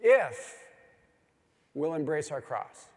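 Slow and a little high, with big swings in pitch, a middle-aged man's voice fills a reverberant hall. He's giving a sermon to gathered men, telling stories earnestly and pressing his points with rising, pleading emphasis.

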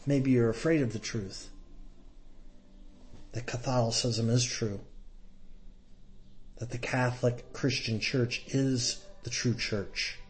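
A man preaching a Catholic sermon, earnest and emphatic, often turning soft and hushed as he addresses his brothers and sisters. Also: mid-range voice, fairly even intonation, takes it slowly, long pauses.

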